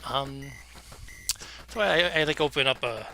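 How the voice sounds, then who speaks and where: A man's voice: mid-range voice, vocal fry, bright, forceful tone, a little hiss or hum. Breathless man hosting a game stream. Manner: chatty, self-deprecating, with fillers and quick asides. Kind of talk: casual live-stream chat. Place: home game room.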